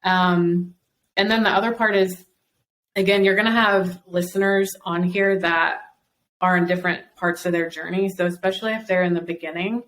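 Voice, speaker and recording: A woman's voice: lowish voice, steady tone, normal speed, fairly bright tone, a little hiss or hum, rough recording. A woman guest on a podcast, encouraging and explaining at length with frequent fillers. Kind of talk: casual podcast conversation.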